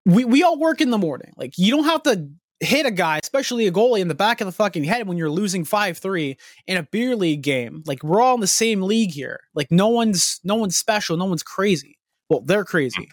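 A young man, co-hosting a podcast, spins a long, rambling story, cursing freely and growing more and more worked up. His voice sits high and moves a little fast, captured in a dry, clean studio recording.

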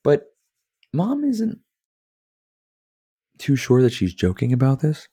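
A man of medium pitch with huge pitch swings speaks slowly in a warm, husky voice, with no echo on the recording. Hosting a podcast, he chats about movies casually and ramblingly, drinking beer, swearing, and dropping in lots of filler words.

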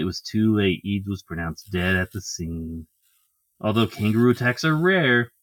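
A man's voice: lowish voice, no room sound. A man co-hosting a podcast, reading out a news story and chatting crudely and jokingly. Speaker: podcast co-host. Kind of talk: casual chat.

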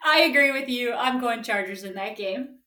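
A woman co-hosting a sports podcast, reading out each matchup in a playful, giggly way. Her voice sits a little higher than most, and the recording has a noticeable echo from the room. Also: animated, normal speed, pushed and bright, recorded from a distance. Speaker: podcast co-host. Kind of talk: casual sports chat.

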